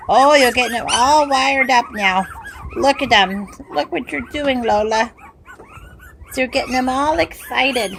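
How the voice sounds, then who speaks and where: A woman's voice: high voice, animated, takes it slowly, gravelly, long pauses, background noise. A woman filming her puppies at home on a handheld camera, cooing at them in baby-talk. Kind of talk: home video narration.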